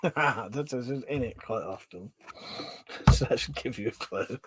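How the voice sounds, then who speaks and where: A man's voice: medium pitch, takes it slowly, breathy edge, no room sound. A man with a Home Counties English accent hosting a casual livestream, rambling through viewer comments, chuckling often and swearing now and then. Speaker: livestream host.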